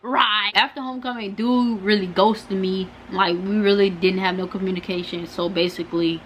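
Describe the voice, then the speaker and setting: A young woman telling a storytime vlog, animated and dramatic, talking straight to her viewers. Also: mid-range voice, normal speed, slight background noise. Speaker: vlogger.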